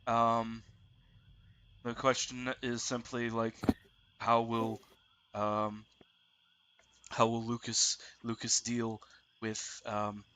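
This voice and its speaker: A man with a bright, clear-edged voice narrates a tabletop game as its game master. He talks in a relaxed way and thinks aloud as he sets the scene. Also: mid-range voice, extremely slow, pauses often.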